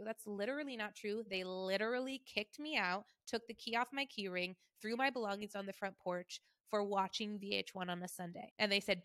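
A woman in her thirties hosting a podcast, telling a personal story in a wry, quiet, conversational way. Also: medium pitch, brisk, few pauses, no echo. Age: 30s. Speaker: podcast host.

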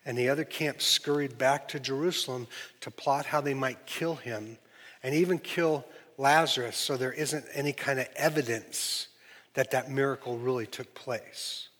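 A man preaching to his congregation, his voice sitting slightly high. He tells the story with energy and acts out each person he quotes. The sound carries a long reverb from a large church hall. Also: a bit bright. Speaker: pastor. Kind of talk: sermon.

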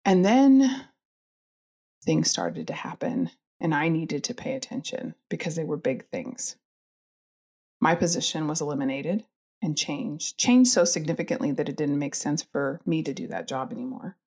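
A woman's voice: sits low, big pitch swings, moderate pace, darkish tone. Earnest mother telling her story. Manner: earnest, candid, with many fillers and restarts. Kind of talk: personal storytelling.

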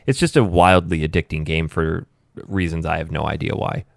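A man's voice: extremely low pitch, fairly even intonation, normal speed, vocal fry, no echo, studio quality. A man co-hosting a casual podcast, chatting and joking dryly. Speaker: podcast co-host. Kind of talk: casual chat over a call.

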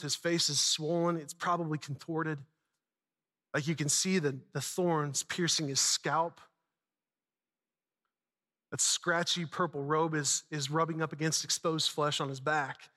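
A man's voice: fairly high pitch, bright, forceful tone, big-room sound. A man preaching a sermon, retelling a story dramatically with casual asides. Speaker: pastor.

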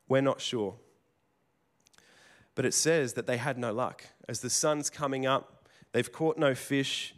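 A man preaching a sermon in a conversational storytelling way, with casual restarts and asides. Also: medium pitch. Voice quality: plain working tradesman's speech.

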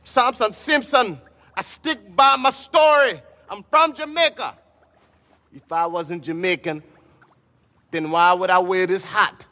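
A man's voice: expressive, fairly bright tone, husky, heavily acted. A man playing a character who falsely claims to be Jamaican and answers every question evasively. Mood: insistent. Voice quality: high, drawn-out put-on accent. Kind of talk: comedy sketch clip.

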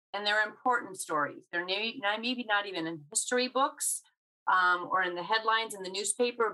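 Woman co-host, enthusiastic intro, bright and sharp-edged, lowish pitch. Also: low-quality recording. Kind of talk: introducing a guest.

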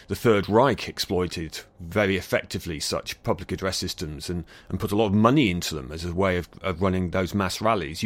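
Softly low British man explaining. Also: dry recording. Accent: near-received pronunciation British. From Britain. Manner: thoughtful, explanatory, with frequent fillers and restarts. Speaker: guest expert on acoustics. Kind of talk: conversational interview answers.

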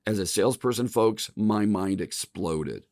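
Middle-aged male podcast host, low gravelly voice, dry close mic, folksy storyteller. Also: unhurried, a little mellow, dry recording. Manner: folksy, talks straight to listeners as "folks". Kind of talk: casual storytelling monologue.

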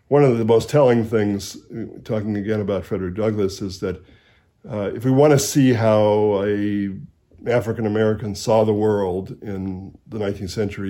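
Low, mellow-voiced male author. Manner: measured and emphatic, with restarts. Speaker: author and historian guest. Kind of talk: conversational interview.

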